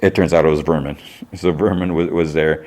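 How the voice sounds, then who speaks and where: A man's voice: rumbling low, fairly even intonation, a little fast, darkish tone. A man hosting a podcast, chatting casually as he retells a TV episode in a loose, rambling way. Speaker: podcast host.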